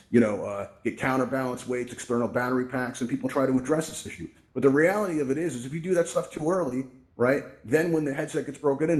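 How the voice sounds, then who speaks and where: Man, event host, quick talker, mid-range voice, animated casual storytelling, VR headset mic. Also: medium pitch. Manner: animated, keeps checking in with "right?". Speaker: host of a virtual reality event. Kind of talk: casual live presentation with storytelling.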